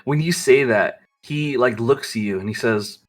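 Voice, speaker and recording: Man, game master, rambling narration, fillers, mid-pitched. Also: moderate pace, soft background music.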